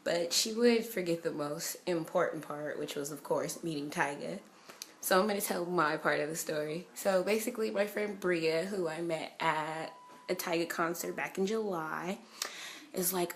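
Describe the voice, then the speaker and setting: A young woman from California telling an excited, chatty storytime vlog, swearing freely and saying "like" a lot. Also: lowish voice, moderate pace, slight background noise. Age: young adult. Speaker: vlogger.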